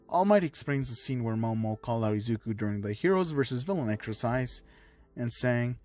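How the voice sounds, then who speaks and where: A man reading a fan story aloud in a plain, steady narrating manner. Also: mid-range voice, a little fast, faint music behind.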